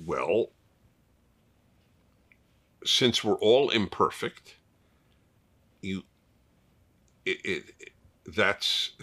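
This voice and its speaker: A man's voice: lowish voice, pushed and bright. An older man hosting a fireside chat, talking emphatically and repeating points for stress. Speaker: host.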